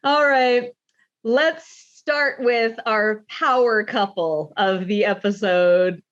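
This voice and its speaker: A woman's voice: on the high side, slow pace, highs cut off. A woman hosting a podcast, leading the casual chat in a bubbly way and laughing often. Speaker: podcast host.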